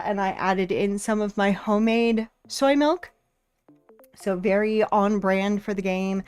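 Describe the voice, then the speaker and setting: A woman streaming from home in casual chat, thinking aloud as she sets things up. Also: mid-range voice. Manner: chatty, thinks aloud while setting things up. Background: faint lo-fi music.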